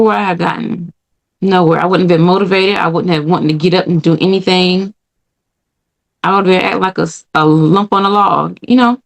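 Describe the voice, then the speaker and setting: A woman with a low, gravelly voice hosts her own podcast and tells a personal faith testimony. She speaks earnestly and repeats key phrases for emphasis, in casual American speech. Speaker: podcast host.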